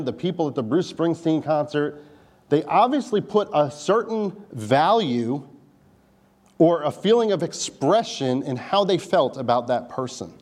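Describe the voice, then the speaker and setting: A man's voice: a little high, a little mellow. A man preaching a sermon in a conversational style, with wry asides to the congregation. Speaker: pastor.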